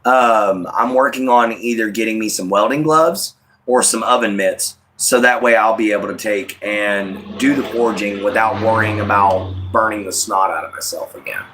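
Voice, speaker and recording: A man's voice: on the low side, steady tone, normal speed, background noise. A man hosting a casual home live stream, drawling and easygoing as he answers chat by name. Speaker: livestream host. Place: at home, moving to back porch.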